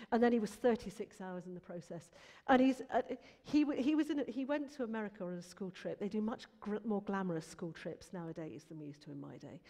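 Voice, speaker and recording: A woman in her fifties, a Christian musician giving her faith testimony in an interview, earnest and animated with emphatic bursts. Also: medium pitch. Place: church. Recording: long hall reverb.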